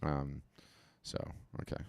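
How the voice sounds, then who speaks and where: A man hosting a casual live video-call webinar, talking in an animated, chatty way and often repeating and restarting his words. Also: slow pace, no room sound, clean studio sound. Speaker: webinar host auditing artist profiles. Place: home.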